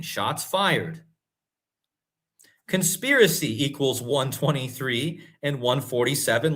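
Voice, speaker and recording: A man hosting a livestream, talking in an excited, emphatic way and repeating points for his viewers. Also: a little high. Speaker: host. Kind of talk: livestream commentary.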